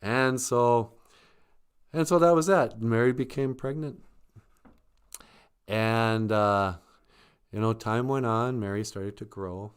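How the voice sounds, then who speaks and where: A man's voice: mid-range voice, takes it slowly, pauses often, clear, resonant tone. A man casually retelling a story on a live stream, joking and chuckling.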